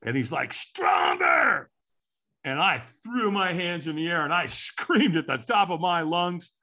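A man in his sixties telling a personal story as a podcast guest, acting out what people said with big swings in his voice. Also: normal speed. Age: 60s. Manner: animated, acts out quotes with big pitch swings.

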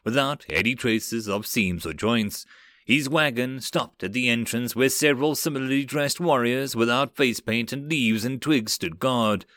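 A man reading a web novel aloud as an audiobook narrator, going straight through the text and lifting his pitch for quoted lines. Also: fairly bright tone, no echo, clean studio sound.

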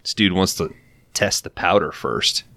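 A man's voice: low voice, a little slow, gravelly, no room sound. A man co-hosting a podcast, telling stories in casual, profane chat. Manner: profane, storytelling, animated quotes. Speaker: podcast co-host. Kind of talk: casual chat recapping a show.

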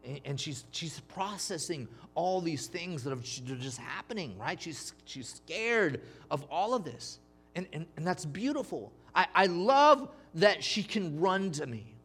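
A man's voice: on the high side, sing-song, a little slow, a bit bright, husky. A man preaching a sermon, emphatic, calling on the congregation to respond. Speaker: pastor.

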